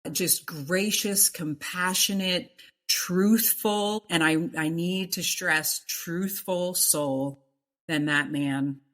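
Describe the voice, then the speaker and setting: Low-voiced woman giving earnest testimony. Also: extremely slow, a bit bright. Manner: earnest, emphatic, repeats words for stress. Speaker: interview guest. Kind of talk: emotional personal testimony.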